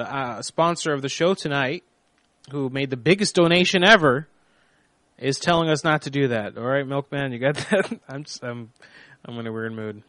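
A man's voice: mid-range voice, fairly bright tone, no room sound. A man hosting a live call-in prank show, talking in a rambling, off-hand way with some swearing. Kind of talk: casual live-stream talk.

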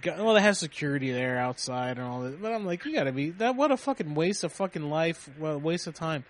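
A man's voice: fairly high pitch, fast. A man co-hosting a casual, profane chat show, telling stories and acting out quotes. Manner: animated storytelling, swears a lot, acts out quotes. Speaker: podcast co-host.

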